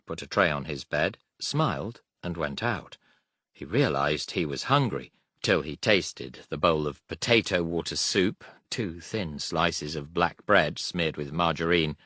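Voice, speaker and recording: Low-voiced male audiobook narrator. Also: sharp tone, husky, dry recording, studio quality.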